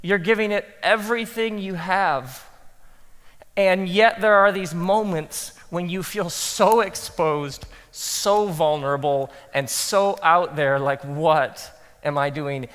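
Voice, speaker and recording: A man speaking as a pastor to a live audience, telling animated stories and acting out his own thoughts in soft asides. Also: fairly high pitch, slow, big-room sound. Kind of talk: talk to pastors, animated storytelling.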